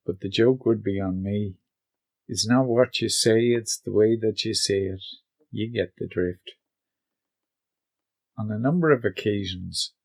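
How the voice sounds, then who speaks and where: A man hosting a workshop video, giving scripted narration with dry, deadpan humor. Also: lowish voice.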